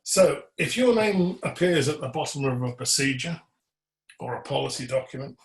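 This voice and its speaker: A man's voice: medium pitch, expressive, moderate pace, creaky. A man presents a webinar on electrical compliance in an earnest, emphatic way. His voice sits in a middle register. The audio carries a noticeable roomy echo. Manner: earnest, emphatic, asks the audience pointed questions; cues slides to a colleague.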